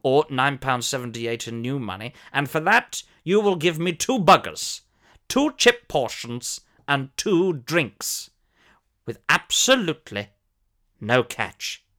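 A pompous, plummy older ex-soap star, as a man puts him on, holding forth in a comic monologue. His theatrical delivery leaps between grand low murmurs and shrill squeals. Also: sing-song, slow pace, bright, forceful tone, full character voice. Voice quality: plummy, theatrical, prone to sudden shrieks. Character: pompous posh older male ex-soap actor.

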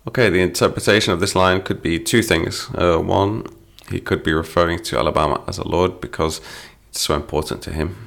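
Middle-aged male teacher, very low creaky voice, patient explainer of lyrics. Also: fairly even intonation, a little fast, few pauses, fairly bright tone. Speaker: English teacher. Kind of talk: explaining song lyrics to learners.

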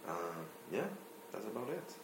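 A man's voice: mid-range voice, animated, normal speed, echoey room, a little hiss or hum. A young man from Israel with an Israeli accent, a guest musician talking casually and thoughtfully, sometimes searching for words. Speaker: guest violinist. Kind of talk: casual interview talk.

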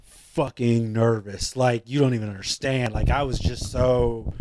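Laid-back man, podcast guest, casual rambling with plenty of swearing, mid-pitched. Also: steady tone, normal speed, noisy background. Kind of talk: casual chat.

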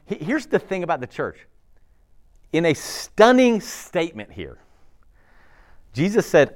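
Animated preacher man. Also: sits high, unhurried, long pauses. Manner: animated, conversational preaching with laughs and asides. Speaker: pastor. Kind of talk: sermon.

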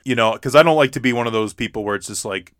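A young man co-hosting a podcast, talking casually and haltingly with many repeats and restarts. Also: mid-range voice, fairly bright tone, no echo, studio quality. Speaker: podcast co-host.

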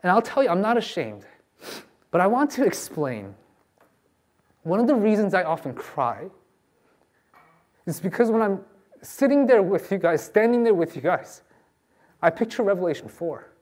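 A man's voice: sits high, big pitch swings, moderate pace, pauses often, a little mellow. A man preaching a sermon as a pastor, earnest and pleading with his listeners.

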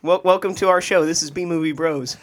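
A man co-hosting a casual podcast chat, teasing the others with crude, rapid-fire questions. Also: a little high, fairly even intonation. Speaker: podcast co-host.

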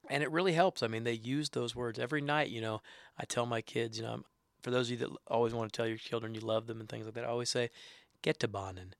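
A middle-aged man teaching words and phrases in a casual way, repeating each one slowly for learners. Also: mid-range voice, steady tone, vocal fry, no room sound, studio quality. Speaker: language teacher. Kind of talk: casual instruction.

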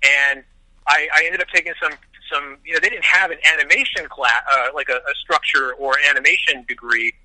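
A man from Las Vegas, a film director, telling his story as an interview guest in an animated way, often restarting his sentences. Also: fairly high pitch, brisk, dry recording, poor audio. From Las Vegas, USA.

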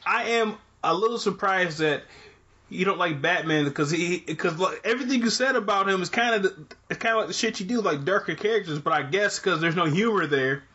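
Bright high-voiced man, casual host. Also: fairly quick, dull audio. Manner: laughs often, short agreeing replies. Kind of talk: casual podcast conversation.

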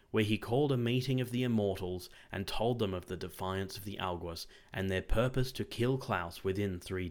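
A man reading a classic story aloud as audiobook narration, in measured, phrase-by-phrase delivery. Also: on the low side. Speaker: audiobook reader.

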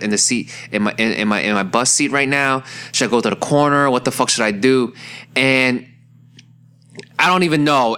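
A young man telling a personal story in a rambling, profane, excitable way, with plenty of fillers. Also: medium pitch. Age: young adult. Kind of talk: casual storytelling.

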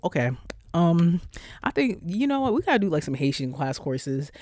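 A woman's voice: deep voice, fairly quick, no room sound, studio quality. Stuffy-voiced woman hosting a profane podcast. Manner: profane, animated, lots of cursing. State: stuffy, congested from a cold. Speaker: podcast host. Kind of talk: casual solo podcast rant.

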